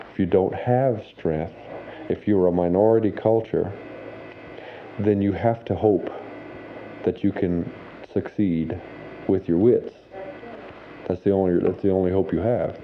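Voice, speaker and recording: A man's voice: low-pitched, fairly even intonation, a little slow, long pauses. A man explaining his views in a thoughtful documentary interview. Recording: phone-like recording with faint noise.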